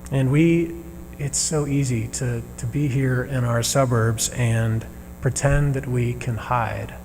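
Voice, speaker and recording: A man preaching a sermon as minister, earnest and measured, pausing between phrases. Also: medium pitch, steady tone, a little mellow. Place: church sanctuary. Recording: reverberant sanctuary with faint hum.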